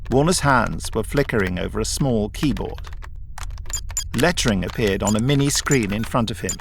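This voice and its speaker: A man reading a science fiction audiobook in a measured, even storytelling voice. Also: fairly low pitch, creaky, slight background noise. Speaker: audiobook narrator. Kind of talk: scripted audiobook narration.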